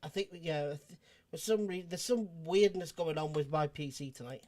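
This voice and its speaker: A man's voice: on the high side, moderate pace, a little mellow. A man hosting a casual livestream, rambling and joking between restarts. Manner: rambling, restarts, jokey asides. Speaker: host.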